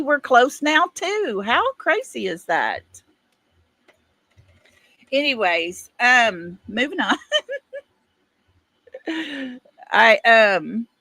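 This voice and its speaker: Middle-aged woman, East Texas accent, folksy livestream chat, unhurried, dry close sound. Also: fairly high pitch, bright, forceful tone, dry recording. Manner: chatty, folksy, laughs often. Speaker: livestream host. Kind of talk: casual chat reading viewer comments.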